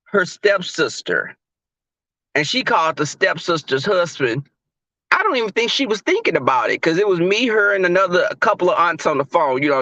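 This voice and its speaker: Young male streamer, high voice, animated and profane; dull, dry mic. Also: dry recording. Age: young adult. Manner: animated, profane, laughing, calls out chat viewers. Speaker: livestream host. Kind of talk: casual livestream chat with viewers.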